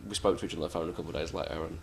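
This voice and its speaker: A man's voice: rumbling low, fairly even intonation, rapid-fire, creaky, very noisy. A man, a wrestler being interviewed, telling backstage stories in a blunt, swearing, self-mocking way. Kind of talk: casual anecdotal storytelling.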